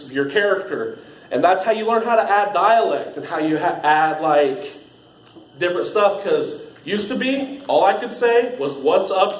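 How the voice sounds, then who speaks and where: A young man, casually training new staff, rambling, laughing often and using lots of fillers. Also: on the high side. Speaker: haunt trail actor training new staff. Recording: echoey room with faint ambient noise.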